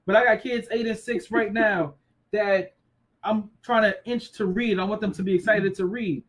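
A man in his thirties co-hosting a casual faith discussion, animated and acting out quoted voices. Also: high voice, normal speed, rough recording. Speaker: co-host.

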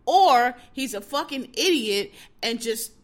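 A woman's voice: fairly high pitch, animated, slow. A young adult woman hosting a solo podcast, ranting bluntly and profanely, with sarcastic mocking asides. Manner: sarcastic mocking impressions of others. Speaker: podcast host.

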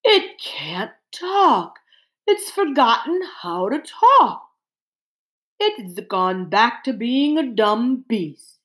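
A woman voicing a worried male bear in a storybook, speaking slowly and urgently. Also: fairly high pitch, sing-song, fairly bright tone, heavily acted. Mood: alarmed.

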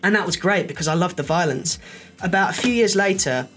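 A man telling stories in a casual chat, lively and acting out the people he quotes. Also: sits high, brisk, soft background music. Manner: animated storyteller, acts out quoted voices.

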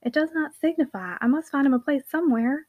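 A woman's voice: high voice, fairly quick, a little mellow, dry recording, close to an everyday voice. A woman voicing a hard-pressed grown man who speaks earnestly and firmly.

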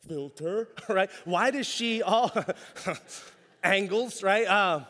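A man in his thirties preaching a sermon as pastor, conversational and energetic, acting out little quotes as he goes. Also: sits high, slow. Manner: energetic, conversational, acts out quotes with rising excitement. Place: church sanctuary. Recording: long reverb of a church hall.

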